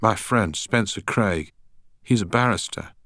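A man's voice: lowish voice, measured pace, fairly bright tone, no room sound, clean studio sound, pitched above the performer's own voice. A man voicing a well-spoken young man who is a recovering heroin addict, hesitant and uneasy. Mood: nervous, confessing.

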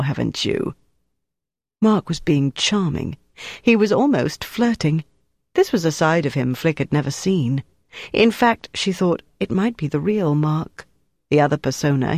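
Steady, dry audiobook narrator. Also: mid-range voice, measured pace, no room sound. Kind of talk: scripted narration.

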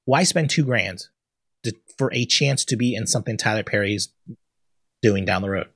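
A man's voice: fairly low pitch, normal speed, a bit bright, husky, dry recording, studio quality. A man hosting a casual solo talk show, ranting bluntly and swearing freely about the news. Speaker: podcast host.

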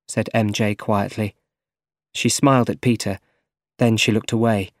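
A man narrating an easy-English story for learners, reading clearly and carefully. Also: fairly low pitch, fairly even intonation, normal speed, dry recording, clean studio sound. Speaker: audiobook narrator.

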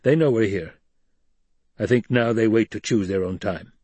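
A man's voice: on the low side, normal speed, darkish tone, slightly rough, no echo. A man reading an audiobook, voicing a proud, wary male desert tribal chief who speaks bluntly and mutters. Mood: rueful.

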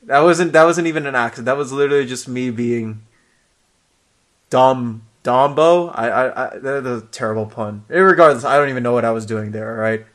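A man's voice: mid-range voice, moderate pace, fairly bright tone. Rambling, self-mocking podcast man. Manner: rambling, self-deprecating, laughs at himself. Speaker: comic book podcast co-host. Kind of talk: casual chat.

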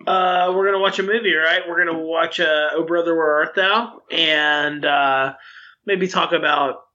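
A man's voice: on the high side, steady tone, unhurried, sharp tone, muffled recording. A man co-hosting a podcast, talking hesitantly and searching for words. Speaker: podcast co-host. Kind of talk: casual podcast chat.

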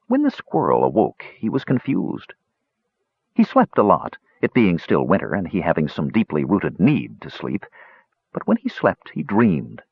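A man narrating a fantasy audiobook in an expressive, dramatic reading. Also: low-pitched, unhurried, slightly rough, no room sound. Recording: dull lo-fi recording.

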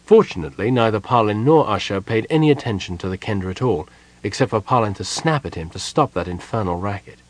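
A man narrating a fantasy audiobook in a steady, even reading voice. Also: fairly low pitch, fast. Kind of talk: scripted narration.

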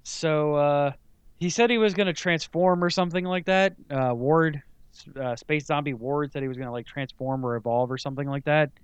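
A man co-hosting a podcast in casual chat, playful and quick to laugh. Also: a little high, clear, resonant tone, dry recording, dull audio. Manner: giggly, animated, playful. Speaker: podcast co-host.

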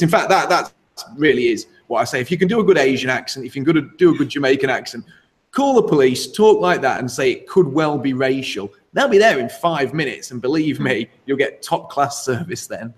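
A man co-hosting a casual talk show, emphatic and animated, often laughing. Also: medium pitch. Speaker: co-host.

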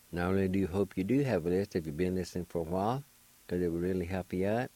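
An older man from Oklahoma with a low, dark voice, teaching words on the radio. He spells each one slowly and deliberately, letter by letter, then repeats it. The sound is close and dry. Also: dry recording. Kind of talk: slow spelling and pronunciation lesson.

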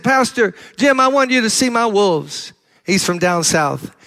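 A man's voice: high voice, a bit bright. An older man, a pastor preaching a sermon in a conversational storytelling manner that builds to emphatic exhortation. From Brooklyn, New York.

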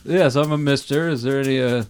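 A man's voice: medium pitch, steady tone, a little fast, slight background noise. A man co-hosting a podcast in casual chat, easygoing and laughing a lot. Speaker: podcast co-host.

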